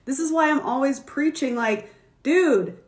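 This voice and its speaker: Recorded at home for a social media live stream, a fashion stylist and business coach talks casually in a high, unhurried voice with plenty of reverb. Her stories are candid, punctuated by laughter and the odd curse.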